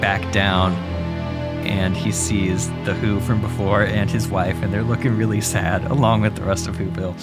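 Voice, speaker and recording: A man's voice: lowish voice, little pitch movement, normal speed, loud music behind the voice. A man co-hosting a comedy podcast, animatedly retelling a story and acting out the characters. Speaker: podcast co-host.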